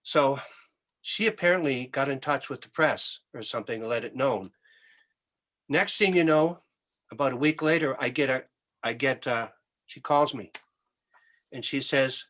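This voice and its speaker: An older Canadian man, a musician guest, telling animated anecdotes in an interview with many restarts. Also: mid-range voice, normal speed, long pauses. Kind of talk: storytelling interview.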